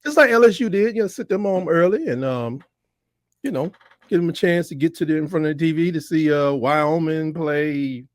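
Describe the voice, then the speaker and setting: A man's voice: fairly high pitch, moderate pace, dry recording, studio quality. A man, co-hosting a casual sports talk podcast and telling stories with lots of acted-out quotes. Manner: animated storyteller, acts out quotes. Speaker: co-host.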